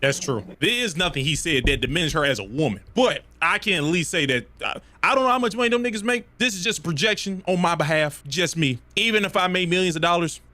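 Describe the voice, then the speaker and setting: A man's voice: on the high side, expressive, fast, sharp tone. A man on a livestream panel who gives his opinion bluntly and casually. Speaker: panel guest. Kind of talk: live panel debate.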